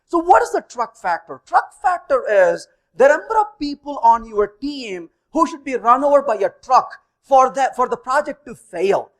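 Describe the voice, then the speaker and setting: A man in his fifties giving a technical conference talk, telling stories and acting out the dialogue in them. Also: very high-pitched. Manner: animated, acts out dialogue in stories. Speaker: conference speaker.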